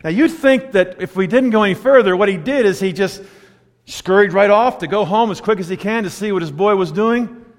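A man preaching a sermon, telling stories and swinging between loud emphatic lines and hushed asides. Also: high voice, brisk. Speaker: pastor. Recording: long hall reverb.

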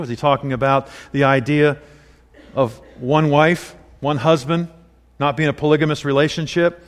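A man with a medium-pitched voice preaches a conversational sermon, blending scripture with personal anecdotes. The sound carries the feel of a big room.

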